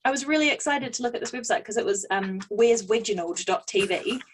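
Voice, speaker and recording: A woman's voice: fairly high pitch, brisk, a loud crowd, rough recording. Playful woman podcast co-host. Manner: playful, tells stories with mock-earnest drama. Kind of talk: casual group chat.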